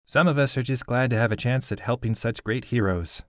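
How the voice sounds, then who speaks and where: A man's voice: mid-range voice, fairly quick, a bit bright, no room sound, clean studio sound, voice pushed up, close to an everyday voice. A man doing a wry, playful gnome. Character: playful, modest male gnome.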